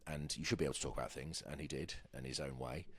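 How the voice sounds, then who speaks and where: His voice is very deep and slightly rough, with a steady tone and a quick pace, recorded dry. He's a pro rugby player from England, in his thirties, rambling on a podcast as a guest, hesitating and restarting with plenty of fillers.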